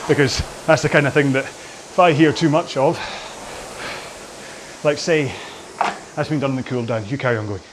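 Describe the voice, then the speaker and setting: A man's voice: mid-range voice, normal speed, noisy background. A man hosting a rowing workout from his home garage, chatting casually in a rambling, jokey and self-deprecating way during the cool-down.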